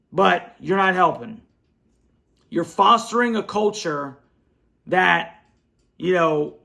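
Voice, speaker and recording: A man's voice: high voice, vocal fry, bright, forceful tone. A man hosting a fan show, ranting bluntly and repetitively in frustration after a loss, speaking from his computer at home. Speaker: sports fan show host. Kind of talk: angry post-game rant. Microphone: computer setup.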